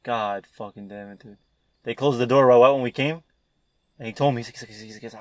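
A man's voice: mid-range voice, quick pace, no echo. A young man telling rambling, profane stories in casual chat between friends. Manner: rambling, profane storytelling with slang.

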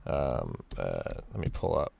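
A man's voice: rumbling low, big pitch swings, creaky, a little mellow, husky. A man hosting a podcast, talking bluntly and casually, wrapping up the show. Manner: blunt, profane, brisk sign-off host. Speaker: podcast host. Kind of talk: casual chat.

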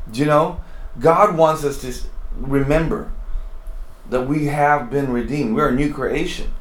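A man's voice: mid-range voice, a little slow. A man giving a conversational, earnest devotional sermon and talking to his listeners with frequent asides. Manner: conversational, earnest, many asides like "you know". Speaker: preacher. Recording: roomy echo.

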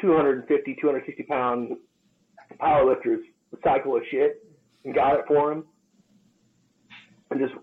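Profane, animated male trainer telling stories. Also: medium pitch, moderate pace, long pauses, phone-quality sound. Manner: profane, animated storyteller who acts out quotes. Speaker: podcast co-host, personal trainer. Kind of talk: casual podcast storytelling.

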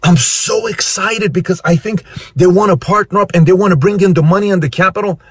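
A man putting on a gushing excited woman. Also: high voice, fairly quick, husky, no echo, clean studio sound, voice pushed up. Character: excited woman baker with big plans.

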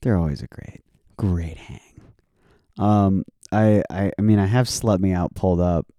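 A man's voice: low voice, unhurried, mellow, no echo. A man hosting a podcast in casual chat, swearing often and laughing easily in a playful way. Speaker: podcast host.

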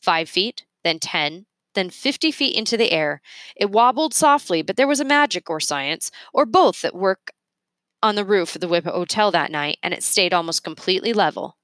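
A woman reads a children's chapter book aloud, her voice on the lower side and her delivery expressive and measured. The sound is close and very dry, with no room around it. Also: dry recording. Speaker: reader. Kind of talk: reading a children's novel aloud.

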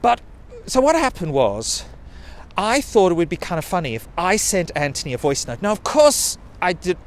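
A man's voice: sits high, very animated, moderate pace. A man, telling a rambling personal story in a sweary, self-mocking way. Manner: sweary, self-mocking, digressive, with quoted put-on voices.

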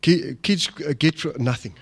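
A middle-aged man delivers an emphatic, personal motivational talk on fatherhood, putting questions to his audience. His voice is a little high, and he speaks at a normal speed.

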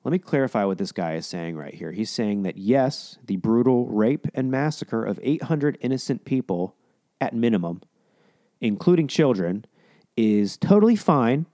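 A man with a warm, mellow voice riffs through sarcastic, profane commentary. His delivery is mocking and loose. The recording is dry and close to the mic, with no room sound. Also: medium pitch, expressive, normal speed, no room sound. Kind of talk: casual reaction commentary.

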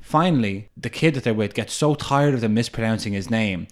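A man's voice: lowish voice, a little fast. A man hosting a podcast in casual chat, telling a story with lots of laughs and restarts. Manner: rambling storyteller, lively and laughing. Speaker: podcast host.

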